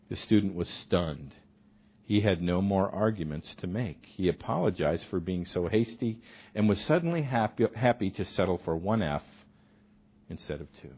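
A man preaching a sermon, telling a story with animated delivery that swings between loud emphasis and hushed asides. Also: deep voice, moderate pace, breathy edge, lo-fi sound.

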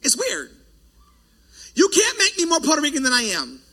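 A man preaching a sermon as pastor, loud and forceful, breaking off for joking asides to the congregation. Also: very high voice, huge pitch swings, normal speed.

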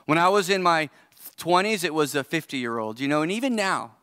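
A man's voice: on the high side, expressive, fairly quick, pushed and bright, smooth, no echo. A man in his forties preaching a sermon as pastor, earnest and conversational, thinking aloud as he goes. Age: 40s. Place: church service.

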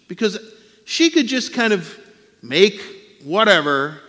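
Man, pastor, sermon, casual tone, slightly higher voice, long hall reverb. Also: big pitch swings, slow, sharp tone. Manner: conversational, acts out quoted voices.

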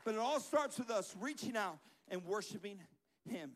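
Very high-voiced playful man preaching to kids. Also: lively intonation, normal speed, a bit bright, slight background noise. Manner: playful, jokey, leads call-and-response. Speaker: children's pastor. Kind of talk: lively children's church sermon. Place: church sanctuary.

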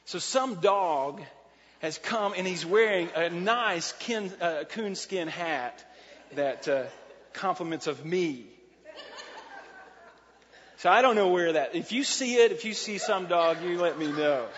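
A man's voice: high voice, slow pace, fairly bright tone. A man preaching a sermon as a pastor, in a folksy, conversational way with asides and restarts. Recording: dull, lo-fi sound with long hall reverb.

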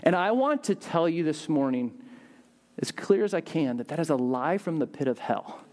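A young adult male pastor giving a casual, animated sermon, acting out voices with big jumps in pitch. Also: normal speed.

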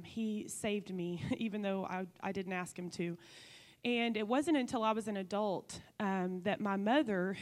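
A woman of middle pitch shares her personal testimony, earnest and chatty, with plenty of "you know" fillers. Her voice carries a long hall reverb, as if spoken in a church sanctuary. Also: darkish tone. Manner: earnest, conversational, many fillers. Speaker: church member giving testimony.

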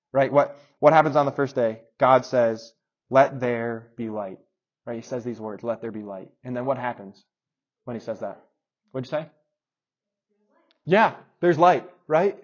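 A man's voice: mid-range voice, muffled recording. A man giving a casual, story-driven sermon, addressing his audience directly and acting out his own phone calls. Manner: storytelling, animated and conversational, talks to audience members.

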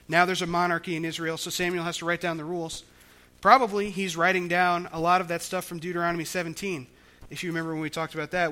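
A man's voice: high voice, bright, forceful tone. A man preaching a sermon, explaining scripture in a conversational way with frequent restarts. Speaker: pastor.

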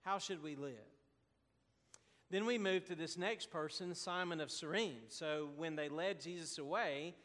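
A man preaching a sermon as pastor, slow and deliberate with emphatic pauses. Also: a little high, fairly bright tone, big-room sound.

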